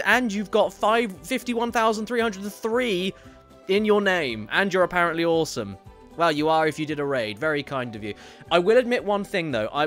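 Game streamer, man, a bit higher pitched, casual and rambling, light game music underneath. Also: fairly bright tone. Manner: chatty, reads viewer messages aloud with quick asides. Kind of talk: casual live-stream chat while gaming. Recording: faint game music behind.

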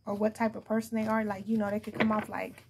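A woman's voice: medium pitch, flat delivery, fast talker, creaky, a little mellow, a little hiss or hum. A young adult woman giving a casual tarot reading to her viewers, blunt and profane, laughing often as she talks. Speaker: tarot card reader.

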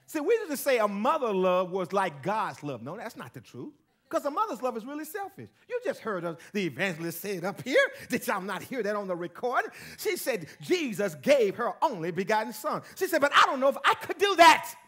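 A man preaching a sermon as pastor to a church congregation, with call-and-response and stretches that build to shouting. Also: sits high, sing-song, fairly quick.

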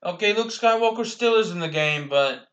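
A young man casually commentating his own gameplay, rambling slowly with restarts, bothered by hiccups and coughs. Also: high-pitched, animated, fairly bright tone, lo-fi sound.

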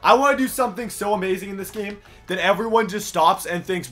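A young man giving animated gameplay commentary for his video channel, heated and playful with loud outbursts. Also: high-pitched, fast talker, few pauses, faint music behind. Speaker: gaming YouTuber.

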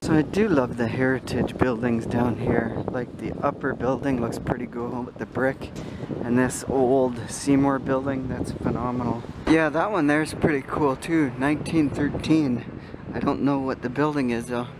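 In noisy outdoor camera audio, an older man vlogs around a city with a handheld camera. He speaks at medium pitch and a moderate pace in a steady tone, casually rambling, chatty and easily sidetracked.

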